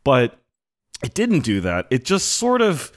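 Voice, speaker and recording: A man's voice: mid-range voice, a little slow. A man co-hosting a podcast in casual chat, rambling and acting out quotes. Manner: animated, rambling, acts out quotes. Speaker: podcast co-host.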